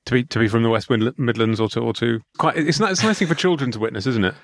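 A man co-hosting a comedy podcast, spinning absurd deadpan riffs with many restarts. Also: mid-range voice, very fast, creaky, dry recording, studio quality. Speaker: podcast co-host. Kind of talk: comedic banter.

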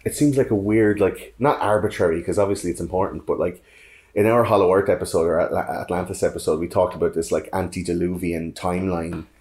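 Irish podcaster, low dark voice, rambling casual talk. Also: male voice, steady tone, fast. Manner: rambling, filler-heavy, with hesitant restarts. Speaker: podcast co-host. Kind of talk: casual chat.

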